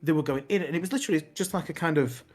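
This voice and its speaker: A man's voice: fairly high pitch, rapid-fire, a little mellow, soft background music. A man in his thirties from England, co-hosting a podcast and telling rambling stories with frequent laughs. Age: 30s. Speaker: podcast co-host. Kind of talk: casual banter.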